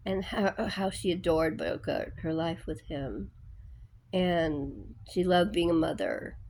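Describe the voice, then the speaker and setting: Woman, casual vlog storyteller, unhurried and rambling, full of fillers. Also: on the low side, fairly even intonation, a little mellow, slight background noise. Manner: rambling, many fillers and restarts. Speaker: book vlogger.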